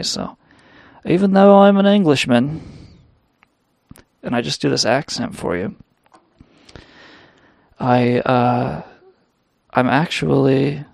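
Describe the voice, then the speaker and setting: A man with a rough, fry-edged voice rambles through a crude comedy monologue, mocking himself as he goes. His voice sits at an ordinary middle pitch. The sound is dry and close, with no room around it. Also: no room sound. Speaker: podcast host. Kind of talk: casual comedic storytelling monologue.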